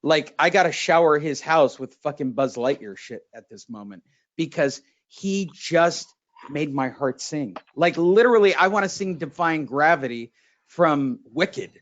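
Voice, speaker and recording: On a dull, lo-fi recording, a podcast host in his thirties chats casually, theatrical and excitable, laughing and cursing a lot. He speaks a little slowly in a slightly high voice.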